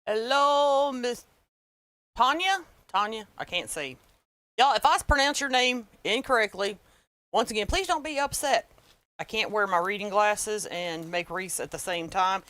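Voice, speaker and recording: A woman's voice: medium pitch, animated, moderate pace, a bit bright, no room sound. A woman with a Southern American accent hosting a casual livestream craft tutorial, chatting and greeting viewers by name. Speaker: livestream host, wreath maker.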